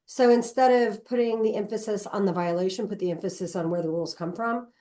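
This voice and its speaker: A woman's voice: mid-range voice, fast, warm tone. A woman mediator speaking earnestly on a panel, often ending her points with rhetorical questions. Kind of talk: panel discussion.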